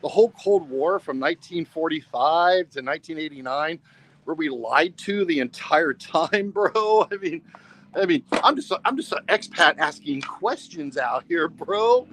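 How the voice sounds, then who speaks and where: A man's voice: on the high side, lively intonation, normal speed, fairly bright tone, low-quality recording. Rambling American man saying "bro". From United States. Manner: rambling, says "bro" constantly. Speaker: travel vlogger. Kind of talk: casual vlog chat. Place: outdoors and in a mini market by a beach.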